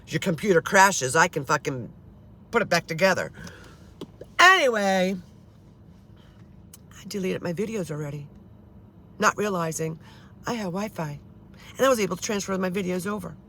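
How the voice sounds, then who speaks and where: A woman's voice: fairly low pitch, lively intonation, normal speed, long pauses, a bit bright, a little hiss or hum. A woman in her fifties talking to her viewers in a casual, rambling vlog, frustrated and swearing, often restarting her sentences. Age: 50s. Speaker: paranormal vlogger. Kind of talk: casual rambling monologue to camera.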